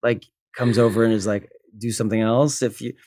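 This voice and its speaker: Man telling a lively story, dry sound. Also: on the low side, a little fast, no echo. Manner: animated, acts out quoted voices. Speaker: guest actor. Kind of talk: casual storytelling chat. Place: livestream podcast.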